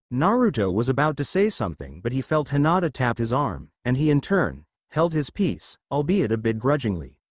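A man reading a fan fiction story aloud as its narrator, with animated storytelling. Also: medium pitch, moderate pace, few pauses, dry recording.

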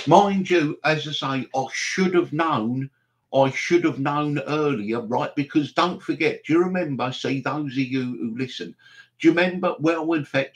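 A man hosting a live stream, rambling and chatty, with mock exasperation. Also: medium pitch. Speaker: livestream host.

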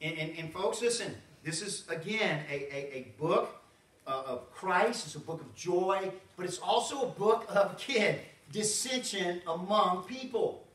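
A man pastor, preaching a folksy, animated sermon with frequent asides to the congregation. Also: high-pitched, unhurried. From Southern United States. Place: church sanctuary. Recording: roomy church sound from a distance.

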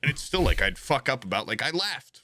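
A young man hosting a podcast in casual chat, telling an animated story while laughing often and swearing freely. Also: medium pitch, brisk. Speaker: podcast host.

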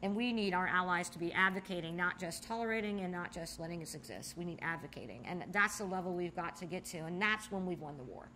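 A woman in an oral history interview, telling stories in a lively way and jumping high when she acts out what people said. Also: fast, hardly any pauses, slight background noise. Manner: animated storyteller, acts out quotes with sudden high exclamations. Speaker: interviewee, bar co-owner and nonprofit founder. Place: in a bar.

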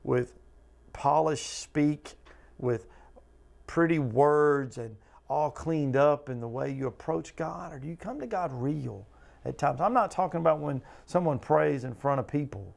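Guy leading bible study, gravelly voice, earnest, keeps asking the class questions. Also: on the high side, lively intonation, unhurried, darkish tone. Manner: earnest, talks to listeners with repeated questions, acts out quotes. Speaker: pastor teaching Bible study. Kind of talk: conversational Bible study teaching.

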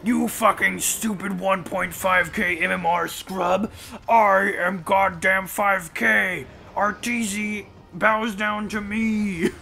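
A man voicing an arrogant male game hero who gloats and trash-talks in slow, smug tones. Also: high voice, steady tone, creaky, bright, forceful tone, faint music behind, full character voice. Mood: gloating.

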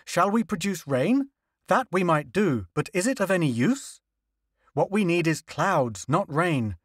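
The pushy, high-strung tycoon of an old storybook as a man reads him aloud, raised a notch above the reader's own voice, firing off impatient questions. He speaks in a dry, close recording with no room around him. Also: big pitch swings, no echo, full character voice. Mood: brisk, demanding. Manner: brisk, demanding, impatient questions. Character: imperious wealthy male newspaper magnate.

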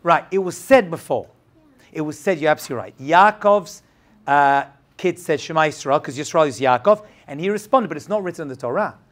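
A man's voice: fairly high pitch, lively intonation, brisk. A man teaching a Torah class as a rabbi, asking rhetorical questions and checking that his students follow.

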